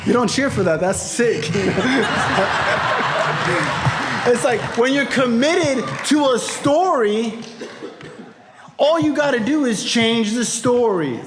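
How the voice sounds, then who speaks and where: High-voiced man telling a raw recovery story. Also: lively intonation, takes it slowly, long pauses, background noise. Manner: raw, profane, emphatic storytelling with shouted peaks. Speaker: recovery speaker. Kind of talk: storytelling talk to a crowd. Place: convention hall before an audience.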